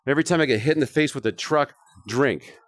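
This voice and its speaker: A man chatting loosely through a live game stream, joking, rambling and cursing as he plays. His voice sits at an ordinary middle pitch, recorded close and dry with no room sound. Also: fast, fairly bright tone, no room sound. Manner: joking, rambling, swears often. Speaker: streamer playing a VR shooter. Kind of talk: casual live-stream commentary.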